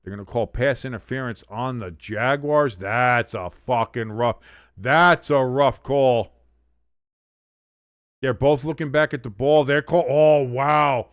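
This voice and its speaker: A man hosting a sports watch-along stream, giving excitable play-by-play with blunt, profane reactions. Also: medium pitch, takes it slowly, dry recording. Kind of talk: casual live sports commentary.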